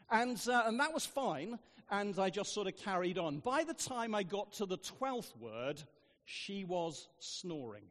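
A man's voice: high-pitched, in a large hall. A man preaching a sermon, telling funny stories with dry asides, in a church. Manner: humorous storytelling, dry asides.

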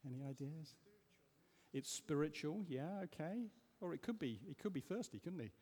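A man leading an interactive sermon, questioning the congregation in an animated, emphatic way. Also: on the high side, moderate pace, slightly rough. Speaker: preacher leading a Bible study. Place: church. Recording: echoey church hall.

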